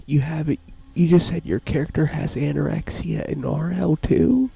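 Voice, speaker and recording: A man's voice: on the high side, normal speed, creaky, dark tone, slightly rough, no room sound, faint music behind. A young man in online voice chat, needling and dismissive, repeating his questions. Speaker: voice chat player. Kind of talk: voice chat argument.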